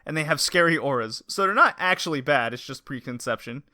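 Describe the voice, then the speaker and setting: A podcast co-host chats casually and animatedly, laughing and acting out quotes. His voice sits on the high side, expressive, brisk, bright, and forceful, in clean studio sound with no room sound.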